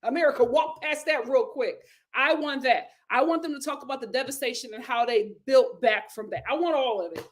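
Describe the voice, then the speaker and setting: A woman hosting a casual live stream, reading viewer comments aloud, laughing often and breaking into loud exclamations. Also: sits high, a little fast, a little hiss or hum.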